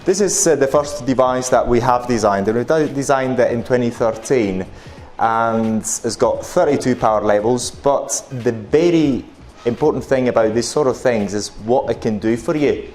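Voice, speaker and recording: A man's voice: mid-range voice, moderate pace, a little mellow. A man with an Italian accent giving a chatty, joking presentation at a conference, with many fillers and restarts. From Italy. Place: conference hall.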